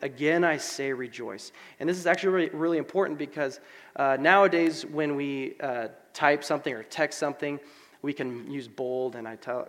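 A man preaching a sermon in a conversational, animated way, with casual asides and fillers. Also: mid-range voice. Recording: long hall reverb.

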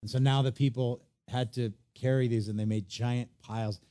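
A man preaching a sermon, animated and conversational, often acting out quoted voices. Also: mid-range voice, normal speed. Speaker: pastor.

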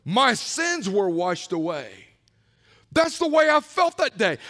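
A middle-aged male pastor preaching his personal testimony, telling it with animated swings from hushed asides to shouts. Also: high voice, slow pace. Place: church sanctuary. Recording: long reverb of a large church hall.

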